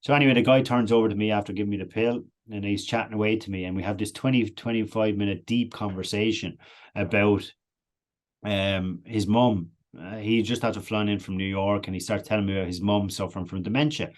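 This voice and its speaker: A man's voice: fairly low pitch, brisk. Irish man telling a wild story. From Ireland. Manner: animated anecdotal, laughs often. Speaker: podcast guest. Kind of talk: casual storytelling.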